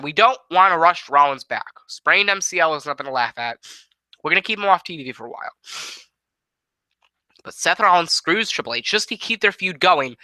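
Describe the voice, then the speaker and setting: A man with a bright, cutting, fairly high voice runs through imagined wrestling cards in quick, casual play-by-play. The sound is dry and close, with no room around it. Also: no room sound, low-quality recording. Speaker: host. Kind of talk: fantasy booking play-by-play.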